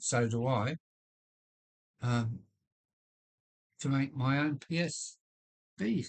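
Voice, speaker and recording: A man with a deep voice hosting a casual live stream from his loft, rambling with many fillers and restarts while chatting with viewers. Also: takes it slowly, pauses often. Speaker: livestream host. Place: home loft.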